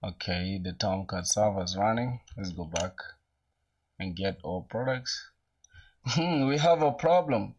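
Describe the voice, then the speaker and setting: A man's voice: fairly low pitch, unhurried, husky, lo-fi sound. Laid-back young man coding live. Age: young adult. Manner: laid-back slangy, greets chat, thinks aloud. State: coughing. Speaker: programming streamer. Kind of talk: casual live-coding stream chatting with viewers.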